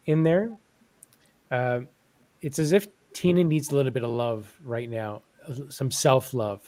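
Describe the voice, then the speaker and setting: A man on a spiritual group video call, describing a channeled vision gently, with many fillers. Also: on the high side. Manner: gentle, reflective, with frequent fillers. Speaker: channeling participant.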